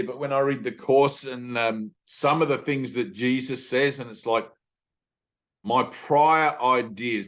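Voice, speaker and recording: A man's voice: mid-range voice, a bit bright. Man telling stories in a spiritual talk. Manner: loose storytelling, full of fillers; acts out quoted voices. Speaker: spiritual teacher.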